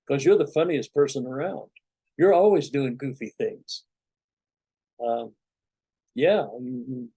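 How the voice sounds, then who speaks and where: A man giving a relaxed, rambling spiritual talk to his students as a meditation teacher, speaking conversationally with many asides. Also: medium pitch, husky, no room sound.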